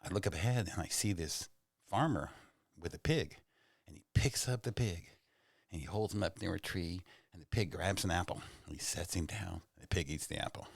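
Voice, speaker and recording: Very low-voiced male comedian guest, animated rambler, dry close studio sound. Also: moderate pace, gravelly, no echo. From Oklahoma, USA. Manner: animated, rambling, self-mocking. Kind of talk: casual storytelling and joke-telling. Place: podcast studio.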